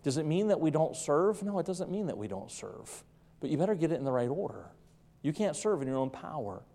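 A man preaching an evening sermon in a church, emphatic and repetitive, dropping to soft tones at times. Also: fairly high pitch, very animated, fairly quick, gravelly. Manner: emphatic, repeats key phrases, drops to soft tones. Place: church sanctuary. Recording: long reverb of a large room.

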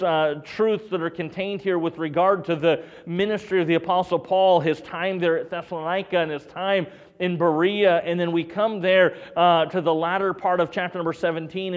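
A man preaching a Sunday sermon and reading scripture aloud, dropping his voice low and hushed for emphasis. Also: fairly even intonation, normal speed, lo-fi sound. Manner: preaching with dramatic drops to a hushed voice; reads scripture in King James wording. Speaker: pastor.

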